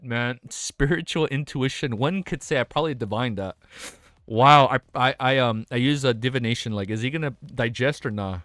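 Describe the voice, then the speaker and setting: A young man streaming a web novel reaction, reading passages aloud and reacting with excited, slangy, swear-filled talk that stammers when he gets worked up. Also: mid-range voice, normal speed, dry recording, studio quality.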